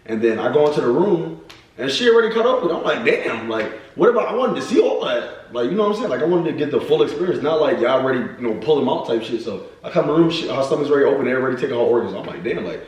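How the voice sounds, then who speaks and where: A young man with a mid-range voice tells the story quickly and animatedly, full of slang. His voice sounds distant from the mic in a very echoey room. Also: medium pitch, sing-song, darkish tone. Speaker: vlogger, new father. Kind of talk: storytime chat.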